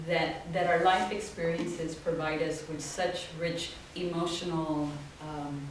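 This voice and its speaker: A woman telling animated stories at a talk, often laughing and acting out the voices of people she quotes. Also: low voice, distant mic. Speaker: guest artist. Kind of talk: storytelling talk. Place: small office event space. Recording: very echoey room, from off-mic, faint noise.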